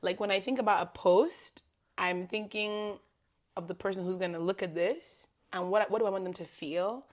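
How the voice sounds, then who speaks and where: A young adult woman, a personal stylist, talking as a guest in a conversational podcast interview, animated and quick to laugh. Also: mid-range voice. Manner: animated storyteller, laughs easily, acts out quoted voices.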